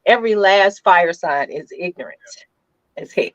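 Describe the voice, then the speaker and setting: A woman's voice: fairly low pitch, animated, moderate pace, no room sound, lo-fi sound. Blunt, joking woman host. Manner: blunt, joking, swears freely. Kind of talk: casual chat.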